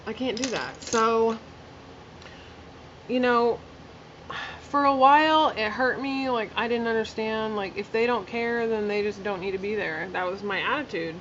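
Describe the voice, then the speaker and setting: Woman vlogger, casual makeup storytime, filler-heavy candid chat, slightly high voice, somewhat dull lo-fi sound. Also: unhurried, fairly bright tone, slight background noise. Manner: chatty, filler-heavy, candid and blunt with swearing. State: emotional, near tears.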